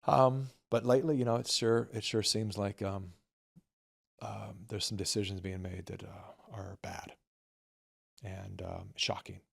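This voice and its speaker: Guest filmmaker, male, low and gravelly, candid storyteller. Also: fairly even intonation, unhurried. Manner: candid, quoting others in softer voices. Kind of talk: storytelling conversation.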